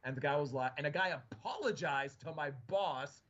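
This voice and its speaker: A man casually telling a long, animated story from his job, full of fillers. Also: fairly high pitch, normal speed, dull audio. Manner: rambling, animated retelling with fillers.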